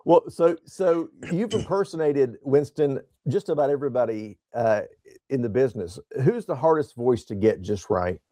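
A man's voice: medium pitch, expressive, normal speed, dark tone, no echo, studio quality. A man hosting an interview over a video call, with folksy agreeing fillers. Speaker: interview host. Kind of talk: casual interview.

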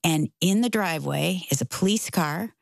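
Middle-aged woman guest, low gravelly storyteller, dry close sound. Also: moderate pace, dry recording. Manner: animated, acts out quoted voices. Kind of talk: casual storytelling.

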